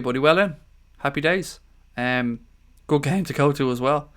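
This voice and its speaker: A man's voice: medium pitch, fairly bright tone, smooth. An Irish man hosting a casual live stream, reading out viewer comments and greeting people as mate and buddy. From Ireland. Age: adult father of young children.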